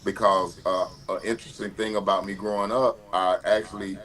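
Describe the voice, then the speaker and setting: Lower-voiced man telling stories. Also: brisk. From Mississippi, US. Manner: animated storyteller, frequent uh and repeated words. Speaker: guest. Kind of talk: conversational storytelling.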